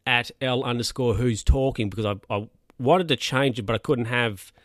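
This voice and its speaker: A relaxed young Australian man talks through his plans on a solo podcast, pausing and circling back as he goes. His voice sits at an ordinary middle pitch. The recording is dry and close, with no room sound. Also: no echo. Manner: rambling and relaxed, with many fillers and restarts. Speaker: podcast host. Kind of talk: casual solo podcast chat.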